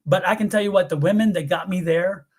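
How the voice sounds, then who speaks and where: A middle-aged man from the US East Coast, hosting a live tarot stream and telling stories in an animated, rambling way full of restarts. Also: sits high, fast talker, slightly rough. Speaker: tarot reader and livestream host. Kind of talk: casual live-stream chat.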